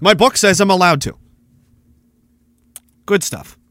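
Sarcastic ranting man, sharp tone. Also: high-pitched, unhurried, dry recording. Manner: sarcastic, profane, mocking. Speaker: podcast host. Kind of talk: ranting commentary over news clips.

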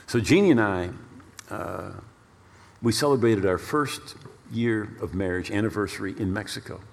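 A male pastor preaching a storytelling sermon in an animated way, repeating words for emphasis. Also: lowish voice, moderate pace, creaky. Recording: long reverb of a large hall.

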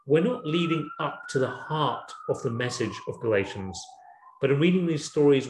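A man giving a sermon in a measured, thoughtful way, asking rhetorical questions. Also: mid-range voice, a little mellow, a little hiss or hum. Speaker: preacher. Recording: echoey room.

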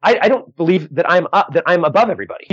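A man's voice: high voice, animated, racing, a bit bright, breathy edge, dry recording, highs cut off. A man who does stand-up comedy, chatting casually and telling a story with lots of restarts and voiced quotes.

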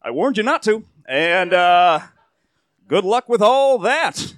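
A man voicing a relaxed former male president with a laid-back, drawn-out way of talking. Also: sits high, no room sound, studio quality, full character voice. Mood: breezy.

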